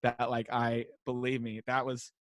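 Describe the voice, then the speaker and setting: An American man, a high school teacher, telling classroom stories in a casual interview and acting out the kids' voices. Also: normal speed, no echo. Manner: animated storyteller, acts out kids chanting. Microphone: wearing a mic.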